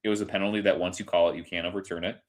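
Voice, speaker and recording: A man's voice: deep voice, little pitch movement, rapid-fire. A man co-hosting a sports podcast, talking in a heated, profane rant and acting out quoted voices. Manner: heated ranting, swears freely, acts out others in quoted bits. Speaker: podcast co-host. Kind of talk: casual sports chat.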